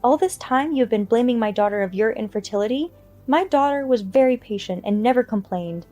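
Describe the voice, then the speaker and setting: A woman's voice: on the high side, brisk, dark tone, faint music behind, lightly acted. A woman voicing a protective middle-aged mother who earnestly reproaches her daughter's in-laws. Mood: reproachful.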